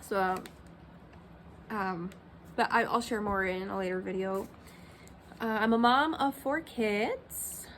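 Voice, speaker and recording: A woman's voice: on the high side, a little hiss or hum. A woman in her thirties talking candidly in a personal vlog, rambling with many fillers like "um" and "like". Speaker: Christian vlogger.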